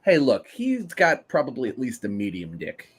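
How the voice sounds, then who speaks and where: A man's voice: mid-range voice, wildly swooping pitch, moderate pace, breathy edge. A man co-hosting a casual wrestling podcast, clowning around and slipping into silly voices. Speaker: podcast co-host. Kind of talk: casual chat.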